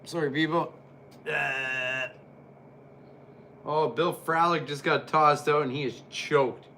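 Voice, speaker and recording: A man's voice: on the high side, slow pace, slight background noise. A man giving casual, jokey play-by-play commentary while reviewing an old wrestling match. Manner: excitable, jokey, chatty.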